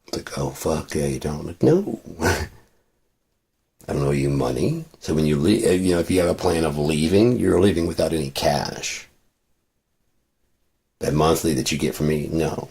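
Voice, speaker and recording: Male vlogger, gravelly and husky, rambling and profane, venting casually. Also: extremely low pitch, animated, a little slow, long pauses, a little mellow. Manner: rambling, profane, restarts often.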